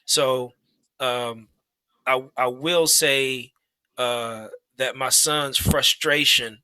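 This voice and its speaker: A man in his thirties, a father telling a story in a relaxed way during a casual podcast chat, with lots of fillers and restarts. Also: mid-range voice, drawn-out words, smooth, dry recording.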